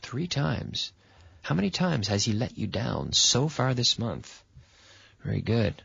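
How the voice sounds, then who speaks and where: A man hosting a radio English lesson, patiently quizzing a student and stressing words with lively intonation. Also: medium pitch, a little slow, creaky, husky, no echo. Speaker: English teacher and radio host. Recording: dull, lo-fi sound.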